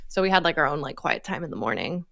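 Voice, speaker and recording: Bright-voiced woman, chatty co-host. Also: low voice, fast, vocal fry, no room sound. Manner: animated storytelling, laughs often. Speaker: podcast co-host. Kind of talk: casual chat.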